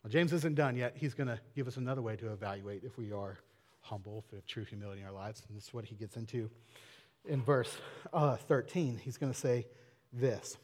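A man's voice: medium pitch, fairly even intonation, fairly quick, darkish tone. A man preaching a casual, conversational sermon, asking rhetorical questions with small laughs. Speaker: pastor. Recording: long hall reverb.

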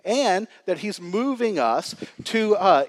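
A man's voice: sits high, big pitch swings, takes it slowly. A man in his thirties, a pastor giving a sermon in a church, talking casually with fillers and stories. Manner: casual, chatty storytelling with laughs and fillers.

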